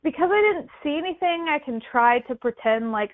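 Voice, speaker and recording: A woman with a fairly high voice tells her story in a lively, animated way, acting out the people she quotes. The sound is thin and phone-like, with no room echo at all. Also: brisk. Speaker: podcast co-host. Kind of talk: casual storytelling. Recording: dry, phone-like line.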